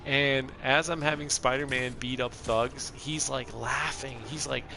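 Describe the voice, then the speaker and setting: Gravelly chatty man streaming a game. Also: mid-range voice, fairly even intonation, measured pace, sharp tone, slight background noise. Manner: chatty, rambling, laughs often. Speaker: gameplay streamer. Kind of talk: casual gameplay commentary.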